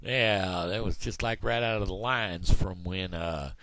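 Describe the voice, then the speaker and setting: A man's voice: low voice, measured pace, fairly bright tone, no room sound. A man from Missouri with a Midwestern American accent, rambling folksy in a casual daily video blog, full of fillers. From Missouri, USA. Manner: folksy, meandering, with many fillers. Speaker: video blogger.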